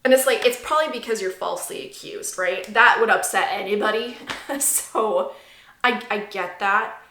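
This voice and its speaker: A woman's voice: medium pitch, normal speed, sharp tone. Indignant woman ranting in echoey room. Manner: indignant, emphatic, repeats herself. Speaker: vlogger. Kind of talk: angry personal rant to camera.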